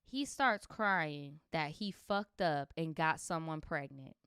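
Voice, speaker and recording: Sassy, animated woman streamer. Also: low voice, takes it slowly, clean tone, no echo, clean studio sound. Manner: sassy, animated reactions, slangy and profane. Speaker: streamer reading viewer stories. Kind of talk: livestream story reading with commentary.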